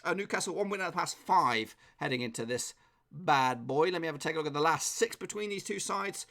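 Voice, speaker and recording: A man with an English accent and a slightly hoarse voice, casually chatting on a live stream and reading out viewers' football predictions. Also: a little high, lively intonation, brisk, sharp tone.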